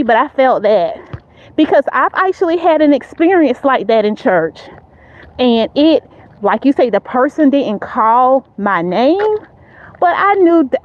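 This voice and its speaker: A woman's voice: high-pitched, lo-fi sound. A woman co-hosting a faith-based casual chat, talking emphatically and repeating phrases for stress.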